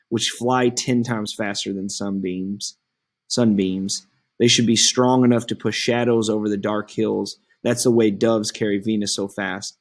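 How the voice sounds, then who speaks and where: A man reading the part of an impatient young girl in love, slowly and evenly from the text in a classroom play reading. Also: lowish voice.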